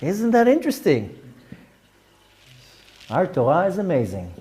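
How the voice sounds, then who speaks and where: A man's voice: high voice, wildly swooping pitch, unhurried, dark tone. A man, a rabbi giving a Torah lecture to a class, explaining step by step with terms and side notes. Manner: explanatory, with Hebrew terms and frequent asides.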